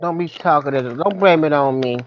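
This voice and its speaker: A man's voice: on the high side, fairly quick, highs cut off, noisy background. A man in a casual group chat, teasing and laughing as he insists on his point.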